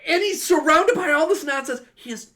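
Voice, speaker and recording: Animated male podcast host. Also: very high-pitched, normal speed. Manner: animated storyteller, swears casually. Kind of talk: casual chat.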